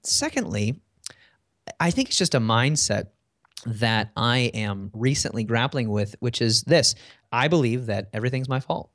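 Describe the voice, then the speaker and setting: A man's voice: medium pitch, lively intonation, measured pace, a bit bright, no room sound, studio quality. A man in a casual interview, telling work stories in a conversational way with frequent fillers. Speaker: guest.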